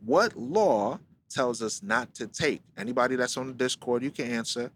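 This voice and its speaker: A man leading a live-streamed Bible study, reading scripture slowly, then explaining it in lively slang. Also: medium pitch, slight background noise. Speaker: Bible teacher.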